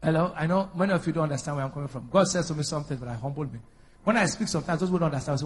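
A man preaching a sermon, calling out to the congregation and rising to loud, emphatic bursts. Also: fairly high pitch, racing, husky. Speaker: pastor.

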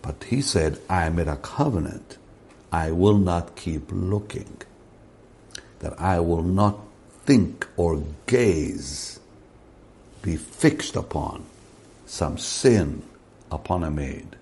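A man preaching a sermon slowly and deliberately, rising in pitch to stress key words. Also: creaky, a little mellow.

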